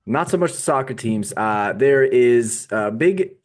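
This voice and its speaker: A man's voice: medium pitch, expressive, unhurried. A man co-hosting a podcast, chatting casually and joking in a dry, mock-serious way. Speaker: podcast co-host. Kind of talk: casual chat.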